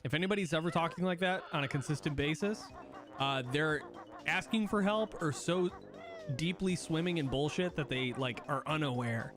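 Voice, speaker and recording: A man's voice: on the high side, moderate pace, fairly bright tone. A young man streaming a game, chatting casually, rambling and swearing as he restarts his sentences. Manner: swears freely, rambling, self-correcting. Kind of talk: casual gaming stream chat. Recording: music playing behind.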